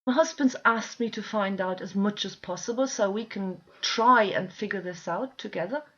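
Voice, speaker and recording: A woman's voice: mid-range voice, moderate pace, a bit bright. A middle-aged woman ranting straight to camera, pleading and exasperated, swearing often. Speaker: vlogger. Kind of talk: emotional direct-to-camera rant. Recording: dull lo-fi home video sound.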